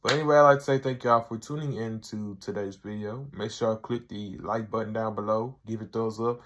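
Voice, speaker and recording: A man's voice: on the low side, steady tone, brisk, a bit bright. A man reviewing a sketch show episode for his video channel, retelling it loosely with lots of "like" and "he's like".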